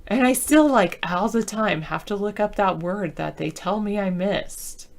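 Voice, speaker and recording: On a video call, a woman from the Southern United States chats casually, telling rambling stories and spelling words out letter by letter. Her mid-range voice is unhurried and creaky.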